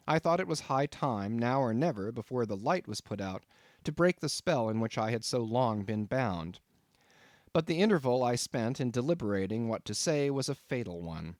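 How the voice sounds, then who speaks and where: Brief: male narrator, classic novel, animated delivery, medium pitch. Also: no echo, studio quality. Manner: expressive classic-novel reading. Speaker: audiobook narrator. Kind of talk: scripted narration.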